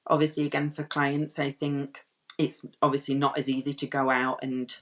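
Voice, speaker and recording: A man's voice: mid-range voice, flat delivery, moderate pace, a bit bright. A British hairdresser chatting as a guest, rambling and filling his answers with ums and likes. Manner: chatty, rambling, many fillers. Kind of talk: casual interview chat.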